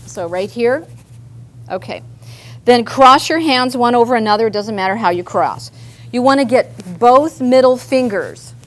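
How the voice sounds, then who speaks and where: A woman therapist leading a live group workshop, chatty and guiding people through simple movements. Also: on the high side. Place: meeting room with a group.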